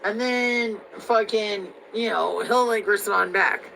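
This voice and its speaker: Gravelly-voiced woman ranting crudely. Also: mid-range voice, slow pace, bright, forceful tone, a little hiss or hum, low-quality recording. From Missouri. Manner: crude, heated, rambling with many fillers. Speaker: vlogger. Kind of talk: profane rant to camera.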